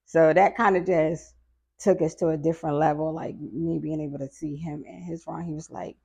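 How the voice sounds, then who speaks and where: A middle-aged woman guest on a podcast, telling a family story in a casual, animated way and acting out the voices of people she quotes. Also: sits low, moderate pace, gravelly, breathy edge.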